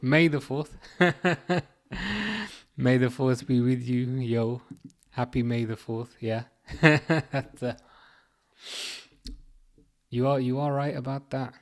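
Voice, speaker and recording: Chatty man hosting a watchalong. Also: mid-range voice. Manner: chatty, halting, many fillers and restarts. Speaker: livestream host reading chat. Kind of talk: casual live watchalong chat.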